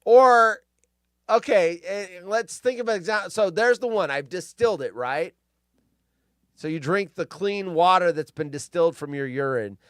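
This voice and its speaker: A man's voice: high-pitched, normal speed, no echo, studio quality. A man hosting a live stream, reading news stories aloud in casual commentary with crude, rambling asides and frequent swearing. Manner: animated, jumps between loud outbursts and mutters.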